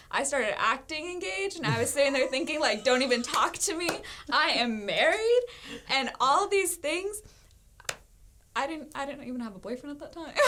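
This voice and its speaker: A woman's voice: fairly high pitch, slight background noise. A woman sharing her testimony as a guest on a church talk show. She tells the story with lots of life, laughing often and acting out the voices of the people in it. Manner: animated storytelling with frequent laughs and acted-out quotes.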